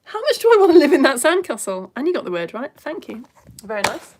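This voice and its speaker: A woman who teaches children's science lessons chats on a live stream into her phone, reading out viewers' comments and exclaiming their names in a bubbly, chatty way. Her voice sits high and sing-song with a darkish tone, she talks fast, and there's a little hiss or hum.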